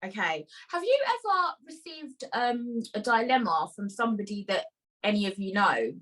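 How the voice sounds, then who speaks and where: A young woman hosting a casual podcast, chatting and reading out listener letters in an expressive way. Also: medium pitch, normal speed. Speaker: podcast host.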